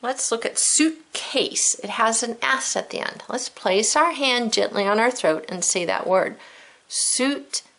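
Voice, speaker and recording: A woman's voice: a little high, expressive, unhurried, few pauses, a bit bright. A woman teacher giving a recorded spelling lesson to children, patient and encouraging, stretching out the sounds of words.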